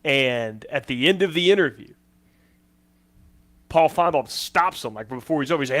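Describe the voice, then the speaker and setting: A man's voice: fairly high pitch, expressive, normal speed, long pauses, fairly bright tone. A man co-hosting a casual sports talk show, an easygoing storyteller. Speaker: co-host.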